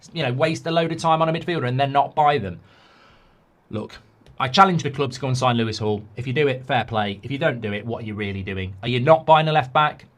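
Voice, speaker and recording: Male fan-channel host, mid-pitched voice, rants with sarcasm and rhetorical questions. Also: fairly bright tone. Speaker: football fan commentator. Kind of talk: ranting fan commentary.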